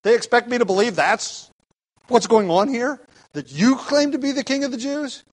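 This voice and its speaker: A man's voice: high voice, animated, fairly quick, voice pushed up. A man voicing a scoffing Roman governor. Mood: incredulous. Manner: scoffing, exasperated. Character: incredulous Roman governor, scornful middle-aged man.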